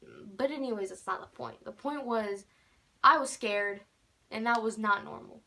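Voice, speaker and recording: A woman's voice: a little high, normal speed, vocal fry, sharp tone. A teenage girl telling a casual storytime tale, rambling with many fillers and restarts. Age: teens. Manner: rambling, many fillers, keeps repeating "normal". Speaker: vlogger.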